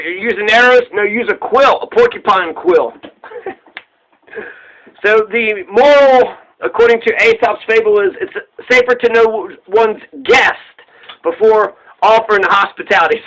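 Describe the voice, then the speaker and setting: A man's voice: sits high, pushed and bright, poor audio. A man casually retelling an old fable in a loose, rambling way, swearing freely and laughing at his own jokes.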